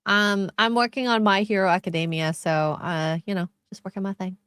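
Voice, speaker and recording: A woman's voice: mid-range voice, steady tone, brisk, fairly bright tone, clean tone, dry recording. A woman hosts a casual livestream, reading out viewer comments and bantering in a teasing, giggly way. Her voice comes through dry and close, with no room sound. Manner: laughs often, casual and teasing.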